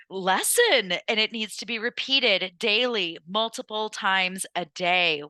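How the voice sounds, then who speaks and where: A woman's voice: mid-range voice, bright, forceful tone, dry recording, poor audio. A young adult woman hosting a podcast, talking candidly in a casual, profane style full of "like" fillers. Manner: casual, swears freely, lots of "like" fillers. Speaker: podcast host. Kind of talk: candid personal podcast monologue.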